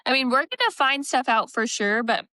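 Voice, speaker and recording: Bright-voiced woman speculating about a book. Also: high voice, expressive, moderate pace, dry recording, studio quality. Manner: speculative, hedging with fillers. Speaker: book podcast co-host. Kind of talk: casual book discussion.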